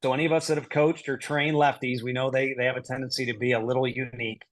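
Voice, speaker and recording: A man's voice: medium pitch, flat delivery, fast. Man laughing through candid coaching answers. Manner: laughs easily, talks through answers aloud with self-deprecating humor. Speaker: head baseball coach, podcast guest. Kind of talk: casual interview answers.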